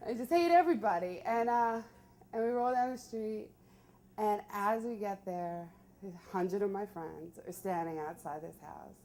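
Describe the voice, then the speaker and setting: A young woman telling a personal story live, chatty and animated, full of "like". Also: medium pitch, moderate pace, a little hiss or hum.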